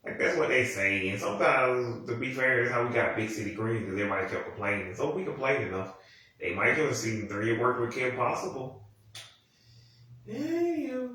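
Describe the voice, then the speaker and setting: A man's voice: fairly quick, sharp tone. Rambling young man in an echoey room. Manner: profane, rambling, exasperated, with sudden high-pitched outbursts. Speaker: TV commentator. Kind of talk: casual rant commentary. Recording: very echoey room, voice from far off the mic.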